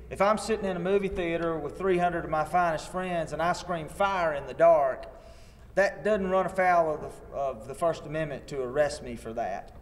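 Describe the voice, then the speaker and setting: A man, a lawyer teaching a training seminar in a wry, anecdotal way. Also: on the high side. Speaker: attorney and workshop instructor. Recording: long hall reverb.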